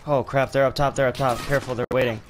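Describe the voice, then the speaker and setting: A man giving live commentary while gaming, making excitable callouts to teammates and repeating words in quick bursts. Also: medium pitch, soft background music. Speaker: gamer.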